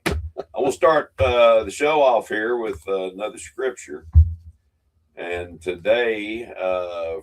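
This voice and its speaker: Man, thick Georgia Southern drawl, unhurried delivery, lower voice, co-host, halting restarts. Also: low-quality recording. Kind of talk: casual chat and scripture reading. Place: studio.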